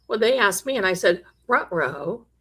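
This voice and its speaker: Slow-paced yet animated, her slightly high, bright-ish voice carries a live psychic stream. The host, of Italian heritage, chats emphatically with viewers and tells stories, drifting into the voices of those she quotes.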